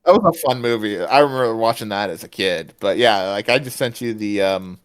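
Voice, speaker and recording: A man's voice: on the low side, clean tone. A man co-hosting a podcast in casual chat, rambling with plenty of fillers and restarts. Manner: rambling, many fillers, does quick mock voices. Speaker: podcast co-host.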